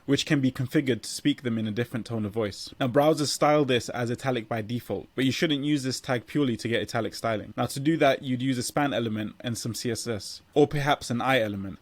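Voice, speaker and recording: A man at a middle pitch gives a coding tutorial, recorded close and dry with no room sound. He explains step by step and sometimes restarts a phrase while typing. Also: no room sound.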